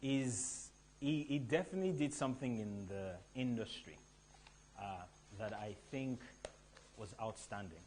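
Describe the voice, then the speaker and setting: A man from Nigeria hosting a live event, telling stories to the audience in an animated, emphatic way from a stage mic. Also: medium pitch, unhurried, noisy background. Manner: animated storytelling with a rising, emphatic delivery. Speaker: event host.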